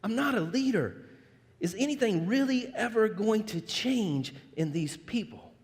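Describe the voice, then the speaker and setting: Reluctant leader Moses, complaining and unsure of himself, high and pleading, as a pastor puts him on in a reverberant hall. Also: male voice, animated, a little slow. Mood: weary. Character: whiny, self-doubting reluctant male leader Moses.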